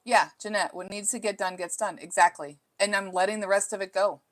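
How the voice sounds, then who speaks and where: A woman's voice: medium pitch, steady tone, a little fast, fairly bright tone. Chatty mother folding laundry. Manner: chatty and self-reflective, with frequent fillers. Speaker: live stream host. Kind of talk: casual live chat reading comments. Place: home.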